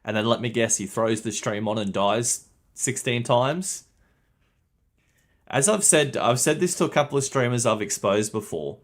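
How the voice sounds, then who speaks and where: A man's voice: medium pitch, moderate pace. A young man streaming a game, chatting casually with his viewers, swearing and laughing often. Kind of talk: casual livestream commentary.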